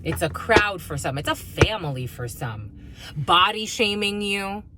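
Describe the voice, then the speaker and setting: A woman's voice: mid-range voice, animated, a little slow, heavy background noise. Blunt, profane woman giving a spiritual reading. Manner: profane, blunt, rants heatedly. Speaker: spiritual reader. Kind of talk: intuitive reading monologue.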